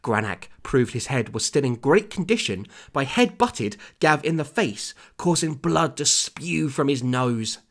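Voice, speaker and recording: A man's voice: mid-range voice, lively intonation, measured pace, hardly any pauses. A man hosting a podcast, reading his old story aloud and breaking off to comment, laughing often. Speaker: podcast host.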